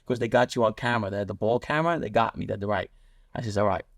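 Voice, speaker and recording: A man's voice: on the low side, vocal fry, no room sound. A man, telling blunt street stories as a podcast guest. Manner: rapid, blunt street storytelling, voicing other people in quotes. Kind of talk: storytelling in a podcast interview.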